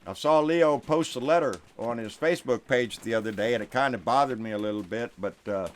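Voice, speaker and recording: A middle-aged man with a Texan accent hosting a live stream political rant, folksy, with quiet asides and loud outbursts. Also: mid-range voice, brisk, few pauses.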